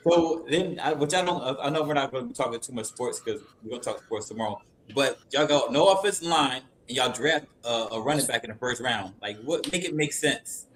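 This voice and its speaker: A man's voice: mid-range voice, animated, brisk, a bit bright, slight background noise. Teasing man hosting a chatty podcast. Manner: laughing, teasing banter. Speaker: podcast host. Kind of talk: casual podcast chat.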